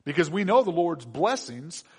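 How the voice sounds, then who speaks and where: Pastor, male, slightly high voice; casual, humorous delivery full of ums and restarts. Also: very animated, normal speed, slightly rough. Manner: conversational and joking, with frequent fillers and restarts. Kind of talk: sermon.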